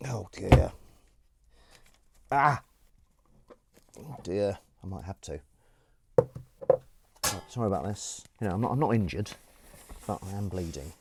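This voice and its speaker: A man live-streams from his home kitchen sink, chatting casually as he washes dishes and cracking self-mocking jokes. His voice is low and animated at a normal speed, with long pauses, and the recording is very noisy.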